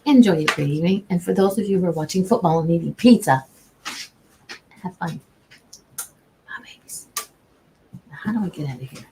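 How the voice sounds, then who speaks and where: A woman's voice: lowish voice, background noise. A woman who works as a customer service agent, giving casual advice on a livestream in a chatty, folksy way with frequent restarts. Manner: chatty, folksy, warm-hearted, restarts sentences often. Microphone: own camera, streaming.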